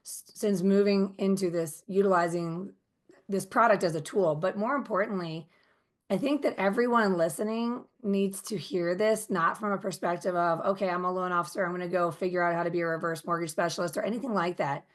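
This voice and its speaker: A woman's voice: on the low side, brisk. A woman hosting a podcast interview, engaged and guiding the conversation with long questions. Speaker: podcast host. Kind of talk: casual interview.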